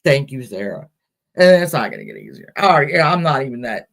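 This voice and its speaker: Halting woman hosting a caregiver stream. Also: a bass voice, wildly swooping pitch, vocal fry. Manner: halting, full of fillers and restarts; reads and answers viewer comments aloud. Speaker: host of a caregiver support stream. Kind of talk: emotional casual live-stream talk.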